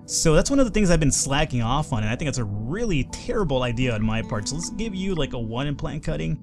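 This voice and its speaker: A man's voice: on the high side, very animated, quick pace, over music. A man hosting a let's play, talking through his choices in casual gameplay commentary and swearing freely when things go wrong. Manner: thinks aloud, swears freely when frustrated.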